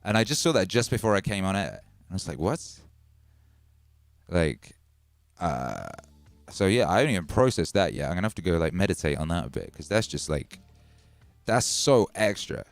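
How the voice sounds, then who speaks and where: Man from Wales, Midlands accent with a Welsh tinge, deep voice, casual livestream chat, repeats himself, swears, faint music behind. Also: fairly quick, creaky, dry recording. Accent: English Midlands with a Welsh tinge. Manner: animated, swears freely, repeats himself for emphasis. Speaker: music producer hosting a livestream.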